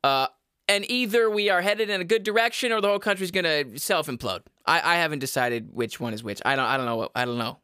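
A young male podcast host with a slightly high, sharp, smooth voice rants quickly and casually, sounding exasperated, swearing and laughing often. He's recorded on a headphone mic with clean studio sound and no room sound.

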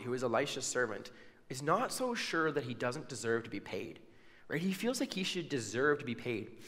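A man delivers a sermon in a storytelling way, acting out the characters' words with casual asides. His voice sits slightly high for a man. A long hall reverb trails every line. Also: sharp tone. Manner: storytelling with acted-out quotes and asides. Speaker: preacher.

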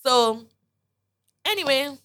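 A woman's voice: sits high, expressive, takes it slowly, a bit bright. A woman co-hosting a podcast, telling a personal story in casual chat and acting out the quoted lines. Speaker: podcast co-host.

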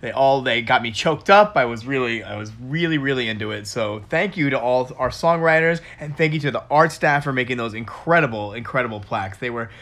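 An enthusiastic man in his thirties hosts a camp radio show. His voice sits at a medium pitch, and he often repeats himself and laughs. He gives shout-outs in an excited, chatty way. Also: a little fast, few pauses. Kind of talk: casual camp radio chat.

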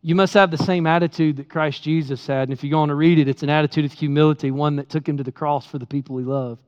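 A man's voice: fairly high pitch, fairly even intonation, fast, darkish tone, clear, resonant tone. A man, preaching a sermon as pastor and telling candid stories about himself. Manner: candid storytelling with laughs, acting out his own quotes. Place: church sanctuary. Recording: dull sound with long hall reverb.

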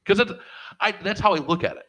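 Talking fast in a high, expressive, fairly bright voice, a middle-aged podcast co-host and dad meanders through foul-mouthed anecdotes and acts out quotes. The recording sounds rough.

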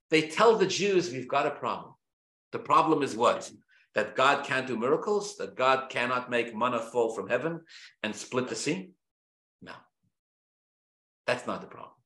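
Animated, bright-voiced man teaching a class. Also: a little high. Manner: animated and emphatic, with rhetorical questions and restarts. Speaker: rabbi teaching a weekly Torah class. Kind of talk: lecture-style Torah class. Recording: roomy echo.

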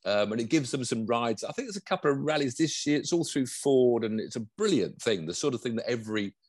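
Brief: rambling British male co-host, dry close mic, husky. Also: medium pitch, a little fast, no echo. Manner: chatty, rambling, lively. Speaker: motorsport podcast co-host. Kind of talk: casual chat.

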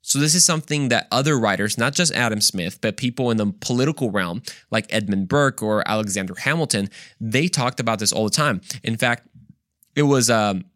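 A man's voice: mid-range voice, fairly quick, fairly bright tone, no echo, studio quality. A man hosting a podcast, explaining ideas in a casual teaching talk and often checking in with his listeners. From United States. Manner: conversational, explains step by step, often checks in with "right?". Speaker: podcast host.

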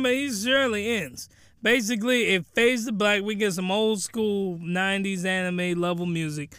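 A man giving a crude, rambling comedic recap of a show in an animated way. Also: high-pitched, moderate pace, smooth, no echo, studio quality.

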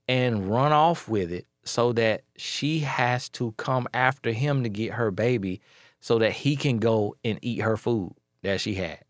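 A man giving blunt relationship advice in a casual talk, telling animated stories with playful voice imitations and repeating phrases for emphasis. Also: mid-range voice, no echo, studio quality.

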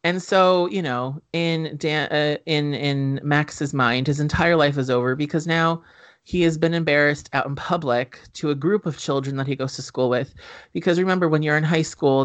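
Joking, foul-mouthed man, higher voice. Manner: profane, joking, filler-heavy storytelling. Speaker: podcast co-host recapping a film. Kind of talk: casual chat.

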